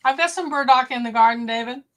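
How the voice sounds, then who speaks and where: A woman's voice: high-pitched, fast, a bit bright. A woman hosting a casual livestream, chatting directly with her viewers. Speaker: homestead livestream host. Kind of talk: casual live-stream chat.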